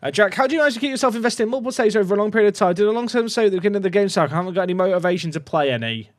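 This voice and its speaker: A young man giving casual, excitable commentary on his game to his chat, swinging from muttering to loud outbursts. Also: high-pitched, very fast, no room sound, clean studio sound. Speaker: gaming YouTuber.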